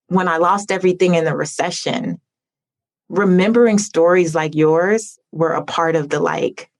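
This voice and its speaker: A woman with a somewhat low voice hosts an interview over a video call. She talks in a gushing, sincere way and leans on "like" as she goes. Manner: effusive, heartfelt, peppered with "like". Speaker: podcast host. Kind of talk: conversational interview.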